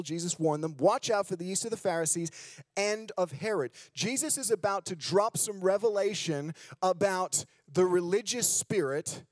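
An Australian man with an American accent preaches as a guest in a decorated church hall, leading prayer fervently and often repeating "just." His voice sits high with a darkish tone, captured in clean studio sound without room sound.

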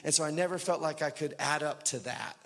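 Casual young preacher in a reverberant hall. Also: male voice, fairly high pitch, fairly quick, creaky. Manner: casual, full of "like", swings from loud to hushed. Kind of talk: sermon with a personal story. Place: church hall.

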